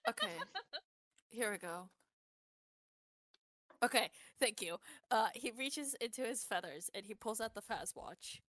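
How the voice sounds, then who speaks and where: A woman player in a tabletop game, wry and quick to react as she describes her character's actions. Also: on the high side, lively intonation, fairly bright tone, dry recording. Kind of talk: casual tabletop game talk.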